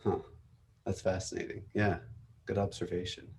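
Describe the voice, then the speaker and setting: A man's voice: low-pitched, level tone, normal speed, creaky, darkish tone, slight background noise. A man hosting a casual technical book club on a video call, thinking aloud and laughing often.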